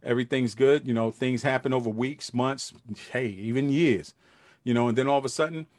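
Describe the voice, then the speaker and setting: A man's voice: medium pitch, a little fast, darkish tone, dry recording, clean studio sound. A middle-aged man hosting a livestream, talking casually and earnestly to his viewers in loose street slang with lots of fillers. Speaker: livestream host.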